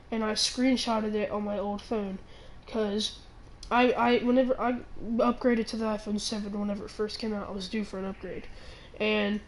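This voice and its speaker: A teenage girl ranting on her own channel, rambling and halting with many restarts, sounding indignant. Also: medium pitch, slight background noise, rough recording. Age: teens. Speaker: channel owner. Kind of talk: ranting vlog.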